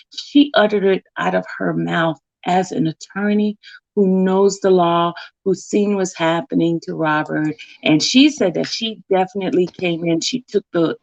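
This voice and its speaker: Woman host, livestream chat, slow and gravelly, mellow dark tone, dull lo-fi sound. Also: lowish voice, no room sound. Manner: greets viewers one by one by name, slow and drawn out. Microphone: computer or phone mic.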